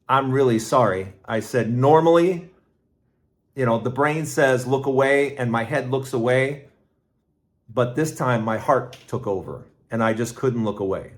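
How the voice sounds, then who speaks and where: A middle-aged man hosting his own podcast, telling a personal story in a rambling, casual way with restarts and lively asides. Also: mid-range voice, a little slow. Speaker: podcast host.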